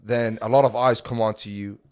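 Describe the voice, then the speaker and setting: A man hosting a podcast, quick and responsive, chiming in with affirmations. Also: fairly low pitch, steady tone, a little mellow, clear, resonant tone. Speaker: podcast host. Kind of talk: conversational interview.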